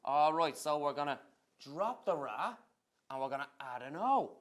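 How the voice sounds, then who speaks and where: Guy doing a deadpan dublin slang teacher, kinda high voice, brisk classroom manner. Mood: instructive. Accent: Dublin Irish.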